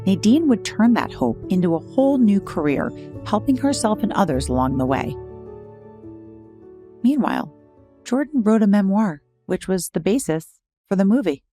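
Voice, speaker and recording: A woman podcast host reading scripted narration in a measured storytelling manner. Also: mid-range voice, very animated. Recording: dry close studio voice-over over faint music. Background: faint music.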